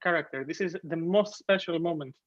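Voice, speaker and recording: A man, teaching an online piano masterclass, gently encouraging and singing phrases and counting beats aloud. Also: a little high, a little fast. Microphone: video call. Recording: muffled video call with piano.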